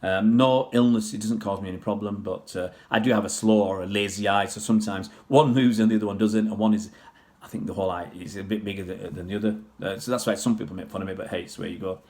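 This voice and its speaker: A man's voice: lowish voice, fairly even intonation, fast talker, darkish tone. A man from Pakistan, raised in England, chatting casually on a livestream and answering viewers' questions in a rambling way. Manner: rambling, chatty, many restarts and fillers.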